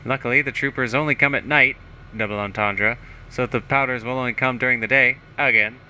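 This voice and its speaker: A man's voice: mid-range voice, steady tone, a little fast, bright, forceful tone, slight background noise, voice pushed up, rough recording. A man voicing a sleazy, scheming male mayor of a small game town, reading in a put-on accent with a smug, boastful manner.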